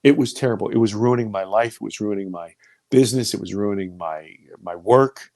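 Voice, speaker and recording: A man in his fifties telling a personal story as an interview guest, voice leaping high when he quotes himself and sinking low and hushed when he recalls fear. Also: fairly quick, dry recording. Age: 50s. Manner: animated, voice rising high for quoted speech and dropping low and quiet for fear.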